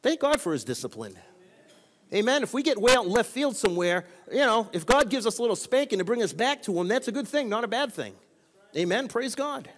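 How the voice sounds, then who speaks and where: A male pastor delivers a sermon with a high-pitched voice, calling on his listeners to answer back. His voice rings out with a long reverb from the church sanctuary around him. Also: very animated, brisk. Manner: preaching with call-and-response prompts.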